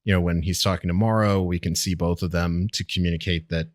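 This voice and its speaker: A man's voice: low-pitched, fairly even intonation, quick pace, no echo, clean studio sound. A man co-hosting a podcast, chatting casually and with amusement about a TV episode. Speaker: podcast co-host.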